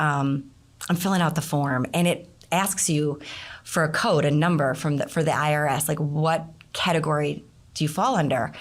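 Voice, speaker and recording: Appearing as an interview guest, a middle-aged nonprofit founder with a low, creaky voice recounts a personal story casually and animatedly. Whenever she acts out people's outbursts, her voice jumps up.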